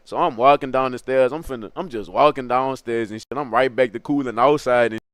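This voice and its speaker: A man's voice: medium pitch, fairly quick, a bit bright, clean tone, no echo. A man telling a funny story in rambling, slang-heavy casual talk, often laughing at his own story.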